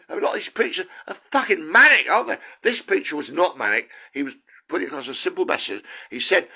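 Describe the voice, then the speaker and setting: A man's voice: a little high, expressive, fast talker, creaky, sharp tone, breathy edge. A man from the UK, a self-styled prophet, giving an earnest, rambling spiritual monologue with many restarts.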